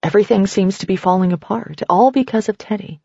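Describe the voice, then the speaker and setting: Casting: woman narrator, husky and gravelly, measured second-person telling, dull dry recording. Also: mid-range voice, dark tone, no room sound. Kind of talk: scripted story narration.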